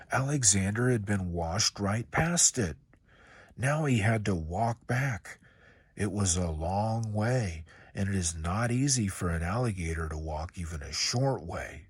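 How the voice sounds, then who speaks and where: A man reading a children's picture book aloud in a calm, measured storytelling voice. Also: on the low side, slightly rough, no room sound.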